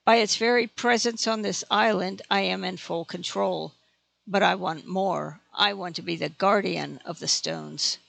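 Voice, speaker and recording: A huge female dragon speaks in a cold, measured, matter-of-fact way, voiced by an audiobook narrator. The voice is gravelly and sits at a middle pitch. The sound is dry and close. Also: fairly bright tone, dry recording, heavily acted. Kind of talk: audiobook reading.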